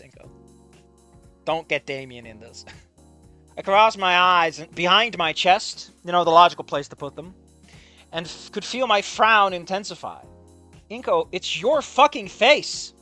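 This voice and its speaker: An exasperated reader tearing through a fan fiction and swearing at the prose. The voice is bright and forceful and leaps around in pitch, with faint music playing underneath. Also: expressive, a little slow. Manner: exasperated, profane ranting. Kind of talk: reading fan fiction aloud with comedic commentary.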